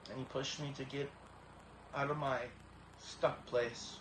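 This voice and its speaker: Man, 30s, emotional testimony, halting and earnest, near tears, flat delivery; echoey room, faint hiss. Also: medium pitch. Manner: halting, many repeated starts, earnest. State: tearful, emotional. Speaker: vlogger.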